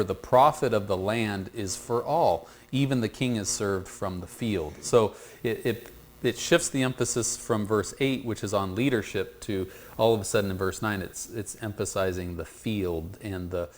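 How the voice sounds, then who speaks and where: Teaching a Bible study, a man with a lowish voice moves through a passage in halting speech, repeating words and coaxing responses from the group. There is a faint hiss or hum in the audio.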